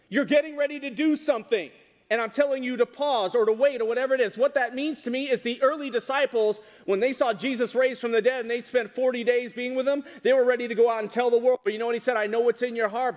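High-voiced man preaching in a hall. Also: fast talker. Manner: animated, asks the congregation questions. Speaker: pastor. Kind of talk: sermon. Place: church hall with congregation. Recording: reverberant hall.

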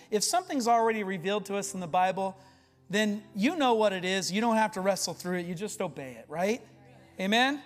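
A male pastor preaching an impassioned sermon, swinging between loud urging and hushed intensity. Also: extremely high pitch. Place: church sanctuary. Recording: long reverb of a large hall.

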